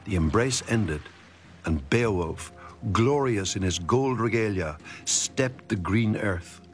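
A man narrating epic verse in a steady, measured scripted reading. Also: fairly low pitch, soft background music.

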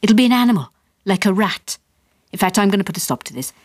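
A blustering dad in a dry, close storybook reading, clipped and bossy when calm, high and shouting when rattled, as a woman narrator puts him on. The sound is dead and close to the mic. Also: fast talker, no echo. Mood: gruff. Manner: gruff and bossy when calm, yelling in a panic. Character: exasperated British dad, father of the family.

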